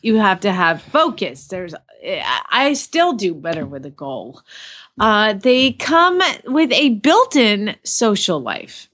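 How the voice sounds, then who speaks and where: A woman in her thirties, co-hosting a casual chat and telling stories with animated delivery, jumping into high voices when she quotes someone. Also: takes it slowly. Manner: animated storyteller, acts out quotes with high shrieks. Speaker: podcast co-host.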